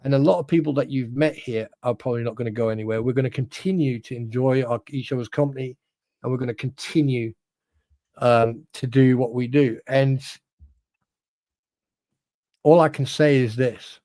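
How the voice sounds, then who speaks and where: A man's voice: medium pitch, steady tone, moderate pace, dark tone, no room sound. Brief: blunt male co-host, plain-spoken, dry close sound. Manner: blunt, earnest, addresses viewers directly. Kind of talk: casual livestream chat.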